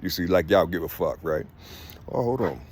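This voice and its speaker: Low-voiced man rambling to his viewers. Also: lively intonation, moderate pace, background noise. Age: 50s. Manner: rambling, repeats "you see", many fillers and restarts. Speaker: vlogger. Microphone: phone.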